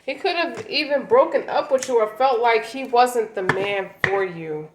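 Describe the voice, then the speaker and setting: A woman's voice: fairly high pitch, normal speed, echoey room, noisy background. A woman giving a casual tarot reading, talking in a blunt, slangy, emphatic way. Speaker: tarot reader.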